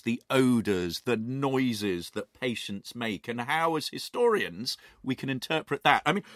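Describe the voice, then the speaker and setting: A man with a bright, forceful voice that swoops up and down as he talks. He co-hosts a history podcast from his home study, and his playful, enthusiastic delivery is captured close and dry with no room sound. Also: mid-range voice, no room sound. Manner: animated, playful, lively storytelling. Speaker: history professor and podcast co-host. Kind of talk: enthusiastic conversational podcast talk. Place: home study or shed, recording remotely.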